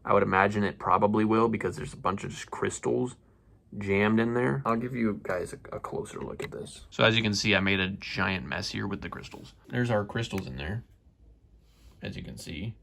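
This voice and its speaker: A man's voice: lowish voice, moderate pace, vocal fry, fairly bright tone, slight background noise. A young man casually talking through a hobby perfume-mixing vlog, rambling and self-mocking with slangy asides.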